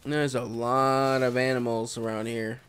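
A man's voice: mid-range voice, little pitch movement, measured pace, a bit bright, clear, resonant tone. A man giving casual solo commentary over a survival game, exclaiming at surprises. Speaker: gameplay commentator.

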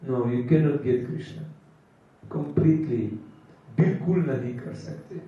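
A man giving a slow, emphatic sermon, drawing out chanted phrases and mixing in Hindi. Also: a little high. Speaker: preacher. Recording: echoey hall from far off, dull lo-fi sound.

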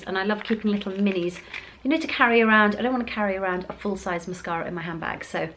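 Woman, middle-aged, beauty vlogger, chatty, effusive, mid-pitched voice. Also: background noise. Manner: chatty and gushing, with excited exclamations. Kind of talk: casual unboxing vlog.

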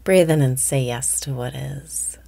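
A woman's voice: a bass voice, a little slow, gravelly, warm tone. A woman guiding a meditation, giving half-whispered breathing cues and speaking with blunt, profane, self-deprecating candor. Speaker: meditation guide. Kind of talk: guided meditation.

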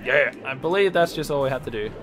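A young man in casual let's play commentary, swearing a lot and bursting into yells at enemies. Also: medium pitch, animated, fast talker. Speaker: gaming channel host. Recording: faint game music behind.

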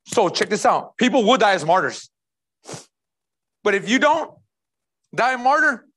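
A man's voice: high-pitched, very animated, measured pace, pauses often, fairly bright tone. A man preaching a passionate sermon as pastor, repeating rhetorical questions and talking in a casual, conversational way.

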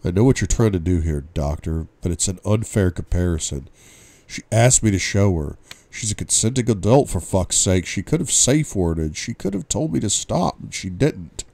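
A man voicing a brooding, quick-tempered young man in an audiobook reading, with tense, clipped replies. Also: low-pitched, animated, creaky, a little mellow, dry recording, exaggerated voice. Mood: tormented.

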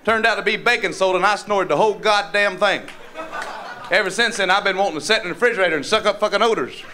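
A man with a North Carolina Southern accent doing a crude stand-up set, with a rough, profane, drawling punchline delivery. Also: sits high, fast. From North Carolina, USA. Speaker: stand-up comedian. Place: comedy club stage. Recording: live club with crowd laughter and noise.

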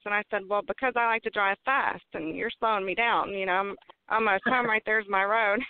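A woman's voice: medium pitch, fairly quick, smooth, no echo. A woman from West Virginia, a podcast guest telling stories casually, laughing often and swearing freely. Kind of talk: casual storytelling. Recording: phone-like line.

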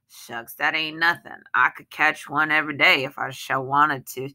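A woman's voice: low voice, fairly even intonation, normal speed, bright, forceful tone. A woman voicing a blunt, scornful villager in dialect.

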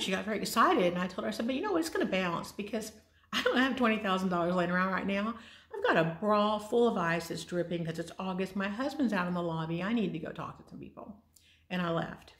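A woman's voice: on the low side, lively intonation, a little fast, fairly bright tone. A middle-aged woman telling her own story in a candid, wry, casual way. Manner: candid, wry, with sighs and laughs. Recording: echoey room.

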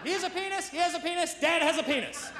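A man voicing his small daughter, who loudly and bluntly announces what she notices about people. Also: quick pace, heavy background noise. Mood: accusatory. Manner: shrill, announcing. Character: small girl, loud and blunt, accusatory. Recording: reverberant hall with crowd laughter.

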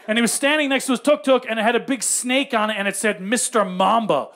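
High-voiced man doing stand-up. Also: quick pace. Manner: animated, punchy storytelling. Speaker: stand-up comedian. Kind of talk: stand-up comedy.

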